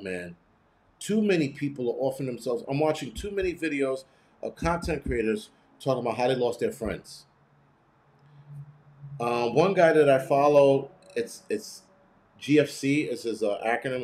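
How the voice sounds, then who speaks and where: A man's voice: mid-range voice, darkish tone. A man hosting a casual live commentary, blunt and profane, rambling with many restarts. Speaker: host.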